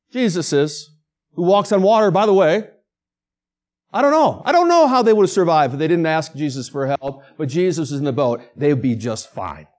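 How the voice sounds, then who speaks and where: A man preaching a sermon as pastor in a conversational way, mixing self-deprecating humor with passages he drops to hushed, quiet tones. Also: a little high.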